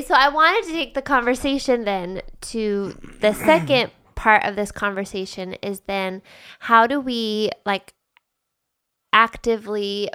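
A woman's voice: mid-range voice, fairly bright tone, clean tone. A woman in her thirties co-hosting a casual faith podcast with her husband, teasing and laughing easily, and thinking aloud with many fillers. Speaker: podcast co-host.

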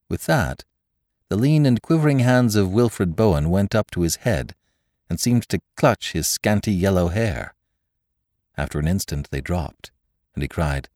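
A man narrating a classic story aloud, expressive and theatrical. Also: sits low, moderate pace, no echo, studio quality. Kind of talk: audiobook reading of a classic story.

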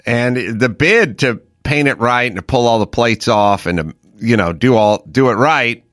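A man's voice: medium pitch, normal speed, fairly bright tone, no echo, clean studio sound. A middle-aged man co-hosting a podcast, chatting casually and telling emphatic, rambling stories. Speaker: podcast co-host. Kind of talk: casual chat.

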